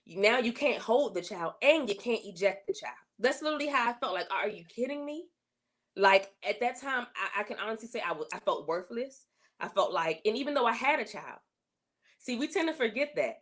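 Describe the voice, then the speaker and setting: Woman sharing her faith testimony, earnest and emotional, goes higher when she pleads. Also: expressive, a little fast, fairly bright tone. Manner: earnest, emotional storytelling with repetition; rises in pitch when voicing her complaints to God. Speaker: interview guest.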